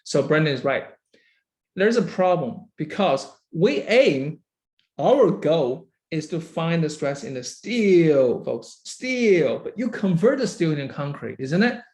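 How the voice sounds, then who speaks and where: A man's voice: on the high side, very animated, slow pace, darkish tone. A man lecturing a university engineering class, who keeps checking understanding with "right?" and "okay?" and praises students by name.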